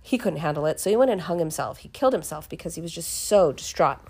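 A woman casually retelling a Bible chapter in her own words, expressive and chatty, often restarting her sentences. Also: low voice, fast talker, husky. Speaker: podcast host reading the Bible.

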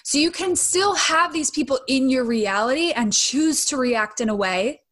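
A young adult woman hosts a podcast in a relaxed, conversational monologue, regularly ending her points with "right?" Her high voice has a lively, fairly bright tone and moves at a moderate pace.

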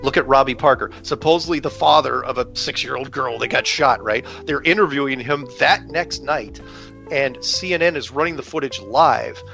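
A man's voice: medium pitch, vocal fry, sharp tone. Heated man ranting, lo-fi sound. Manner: heated, rapid, many restarts and rhetorical "right?". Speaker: podcast guest with his own channel. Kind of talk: casual conversational rant. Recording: dull lo-fi sound with faint music.

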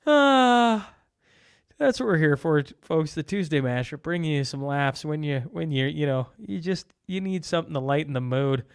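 A man's voice: on the high side, expressive, moderate pace, vocal fry, smooth. A man hosting a casual comedy chat show, joking, laughing often and stumbling over his words. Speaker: podcast host.

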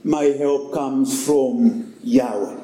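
A man's voice: medium pitch, very slow, warm tone, echoey room, rough recording. A man preaching a sermon, emphatic and repetitive, with rhetorical questions.

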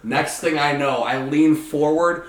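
Man, swearing storyteller, fairly high voice, echoey room. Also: a little slow. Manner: profane, animated storytelling. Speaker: podcast host. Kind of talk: casual chat.

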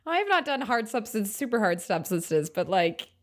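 A woman's voice: medium pitch, very animated, normal speed. A woman co-hosting a casual podcast, recapping a TV episode, laughing often and acting out characters in silly voices. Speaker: podcast co-host.

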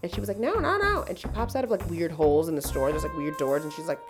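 A woman's voice: low-pitched, racing, music in the background. A woman podcast host telling a story in casual chat, swearing freely and ranting. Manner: profane, heated storytelling rant.

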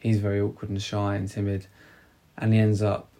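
A man talking casually about a film, rambling and halting with many restarts. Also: on the low side, completely flat delivery, mellow.

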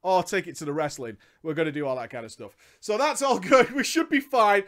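A young man talking casually on a live stream, excitable and swearing freely, ranting in bursts. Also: sits high, fairly quick.

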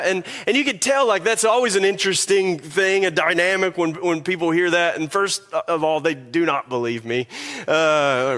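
A man's voice: on the high side, normal speed, sharp tone. A man with a Kentucky Southern accent preaching a sermon as pastor, telling stories animatedly with frequent restarts.

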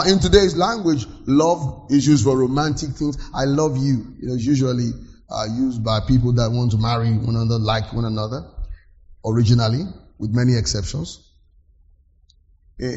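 A man's voice: fairly high pitch, darkish tone, muffled recording. A man preaching a sermon, teaching with emphatic repetitions and sudden rises. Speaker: pastor.

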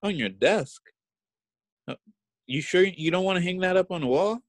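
A man's voice: sits high, expressive, moderate pace, dry recording. A man voicing a nervous underling who hesitates and repeats his questions. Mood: anxious. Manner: hesitant, repeats questions, keeps saying boss. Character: nervous young male underling, deferential.

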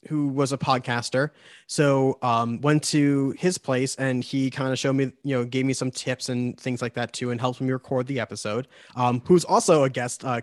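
A man's voice: mid-range voice, no room sound, clean studio sound. A man with a New York accent hosting a podcast interview, chatting casually and rambling with lots of fillers. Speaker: podcast host.

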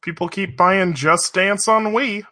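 A man's voice: high-pitched, unhurried, noisy background. A man on a gaming panel, tossing out jokes and quips in casual chat. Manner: joking, quips. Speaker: podcast panelist.

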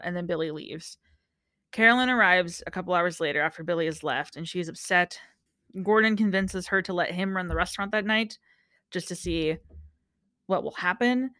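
A woman's voice: on the low side, brisk, dry recording. A young woman talks through a TV episode in easy podcast chat. She acts out the people she quotes and laughs a lot, close on a dry mic. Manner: animated storyteller, acts out quotes, laughs often. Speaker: podcast co-host. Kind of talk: casual chat recapping a TV show.

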